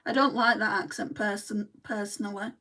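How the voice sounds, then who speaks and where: A woman's voice: mid-range voice, fairly even intonation, normal speed, sharp tone. A woman from Lancashire with a Lancashire accent, chatting bluntly while doing her makeup and answering viewer comments. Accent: Lancashire English. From Lancashire, England. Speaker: beauty vlogger. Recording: voice a little distant from the mic.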